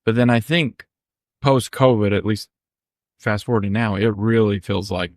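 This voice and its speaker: A man's voice: on the low side, moderate pace, no room sound, clean studio sound. A man from Utah, a podcast co-host, chatting casually and asking easygoing questions. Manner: easygoing, short interjections, asks questions.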